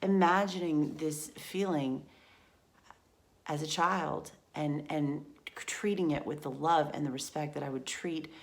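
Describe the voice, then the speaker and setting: A woman hosting a mindfulness talk, speaking slowly and softly with a reflective manner and frequent pauses. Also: low voice, steady tone, vocal fry. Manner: slow, soft and reflective, with pauses and restarts. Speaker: mental health channel host. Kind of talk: calm personal talk on mindfulness.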